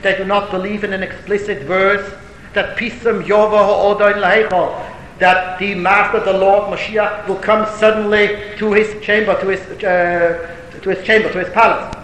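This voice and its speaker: Man, Torah lecture, emphatic storytelling, high voice, long hall reverb, faint rumble. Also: little pitch movement, moderate pace, a bit bright. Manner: storytelling, rising to emphatic declamation; mixes Hebrew and Yiddish terms. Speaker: rabbi answering a question.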